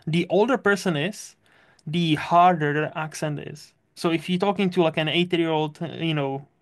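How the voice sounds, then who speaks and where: Podcast host, chatty and laughy, mid pitch voice. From Czech Republic. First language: Czech. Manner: chatty, laughs often, quick asides. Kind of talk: casual chat.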